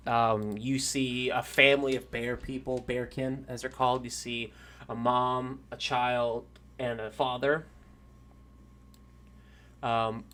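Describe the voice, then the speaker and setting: A man's voice: medium pitch, fairly bright tone. A man narrating a tabletop game as game master, casual and rambling, with fillers and the odd swear.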